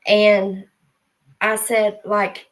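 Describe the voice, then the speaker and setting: A middle-aged woman and mother hosting a casual live stream, chatty and unhurried, with frequent fillers and laughs. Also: medium pitch, flat delivery, poor audio.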